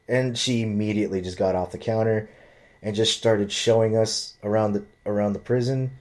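This man's voice sits on the low side and moves briskly as he casually tells a long, rambling story from his own life. He curses freely and performs other people's lines in an animated way.

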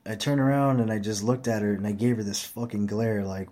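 Speaking at a slightly quick clip, this tired vlogger addresses his viewers head-on with a fairly low, dark-toned voice. He wanders through an episode from his own life, swearing freely and keeping things casual and blunt, his intonation mostly even.

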